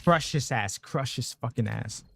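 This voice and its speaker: A man streaming a game, chatting casually with his viewers, swearing constantly and getting excited over his pulls. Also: medium pitch, measured pace, creaky, a little hiss or hum. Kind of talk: casual gaming stream chat.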